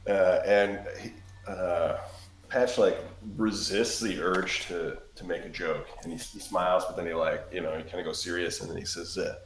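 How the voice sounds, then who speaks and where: A man's voice: low voice, fairly even intonation, moderate pace, reverberant, a little hiss or hum, poor audio. A man playing a tabletop game, speaking in character and hesitating as he searches for words. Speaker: player. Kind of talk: tabletop role-play.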